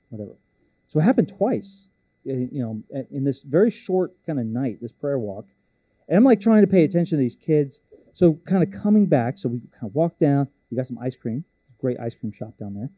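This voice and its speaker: A man's voice: mid-range voice, warm tone, no echo. A man preaching a sermon, telling a story in a casual, joking, self-deprecating way. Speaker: pastor.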